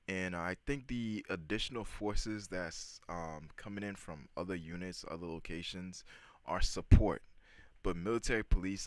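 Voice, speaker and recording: A man with a very low, deep voice talks loosely over news clips, drifting between thoughts with plenty of "um"s and side remarks to his viewers. The sound is close and dry, with no room around it. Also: no room sound. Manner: rambling, loose, many "um" fillers; relaxed, talks straight to viewers. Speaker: channel host commenting on news clips. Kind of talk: casual news commentary vlog.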